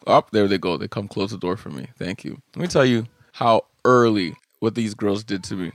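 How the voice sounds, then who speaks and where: Low-voiced man telling comic family stories. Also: moderate pace, no room sound. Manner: animated, jokey, swears casually. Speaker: podcast host. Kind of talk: comedic storytelling monologue. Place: home studio room.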